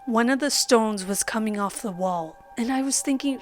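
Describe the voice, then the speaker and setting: A woman reading a true horror story as a measured, dramatic narrator who sometimes drops to a whisper. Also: medium pitch, expressive. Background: faint background music.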